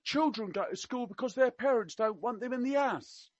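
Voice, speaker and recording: A man putting on a blunt, tactless elderly gentleman with an attempted Cockney accent, his pitch pushed up for the quips. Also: normal speed, no echo, lo-fi sound. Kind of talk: comic impression in a podcast reading.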